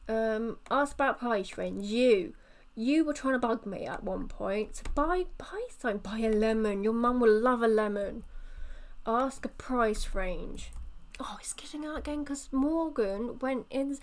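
A woman's voice: on the high side, unhurried, darkish tone. A woman casually commenting on her game in a rambling, chatty way. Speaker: let's play host.

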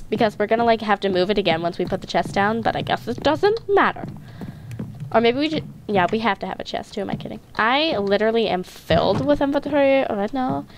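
A young woman talks her way through a game on a headset mic, chatty and giggly, breaking into little snatches of song. Her voice sits a touch high. Keyboard and mouse clicks come through clearly under the noisy home recording. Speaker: let's play host. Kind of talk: casual gameplay chat.

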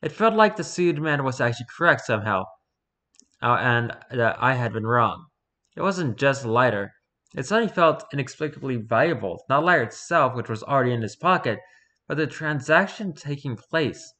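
A man casually reading a spooky first-person story aloud, relaxed and unpolished, stumbling and correcting himself as he goes. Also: mid-range voice, moderate pace. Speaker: story reader.

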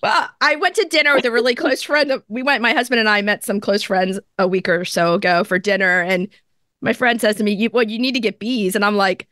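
Co-host, woman, bright high-ish voice, bubbly, dry close mic. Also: fairly quick, no room sound. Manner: bubbly, laughs a lot. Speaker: podcast co-host. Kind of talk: casual podcast chat.

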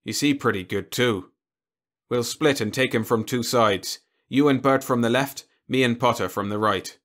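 A man's voice: mid-range voice, normal speed, a bit bright, lightly acted. A man voicing a blunt, tough frontier farmer. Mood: hushed. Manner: blunt, matter-of-fact. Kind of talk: audiobook character voice.

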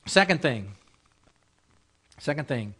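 A man's voice: medium pitch, big pitch swings, takes it slowly, bright, forceful tone, husky. Conversational male pastor preaching a sermon. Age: adult, married. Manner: conversational, repeats phrases, asks rhetorical questions. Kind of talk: sermon in a Bible class.

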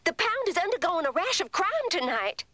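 Genteel belle dog; drawl, high, lively. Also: female voice, fairly quick, heavily acted. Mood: prissy. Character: prim Southern belle female dog. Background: music.

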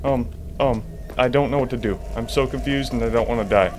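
A man's voice: mid-range voice, a little fast. Man, horror game commentary, jumpy and swearing, noisy background. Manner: jumpy, profane, talks to himself. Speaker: gamer.

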